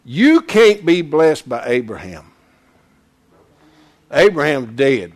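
A man teaching a Bible class in sermon style, folksy and animated, breaking into shouts to press a point. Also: fairly high pitch, takes it slowly.

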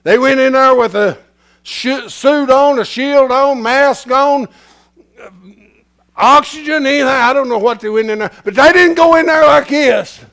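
A man preaching a sermon in a folksy, repetitive way, swinging from hushed whispers to shouts as his voice gives out. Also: very high-pitched, unhurried. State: losing his voice.

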